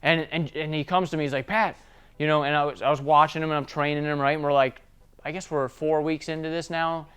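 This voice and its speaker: A man coaching salespeople in a casual, story-driven talk. His voice sits a little high and is smooth and clear. He keeps checking in with his listeners as he goes. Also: flat delivery, fast, fairly bright tone. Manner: conversational storytelling, tag questions. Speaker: sales trainer. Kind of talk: casual business training talk.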